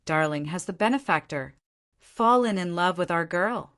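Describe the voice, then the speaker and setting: A woman narrating an audiobook, voicing a courteous female snake demon who speaks politely and measured. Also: on the low side, expressive, fairly bright tone.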